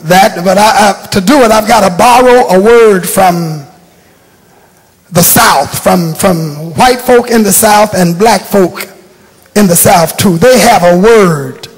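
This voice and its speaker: An older man preaching a sermon, high-pitched and husky, taking his time and repeating phrases for emphasis. He tells his stories slowly. His voice rings through a long, echoing church hall. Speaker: bishop preaching.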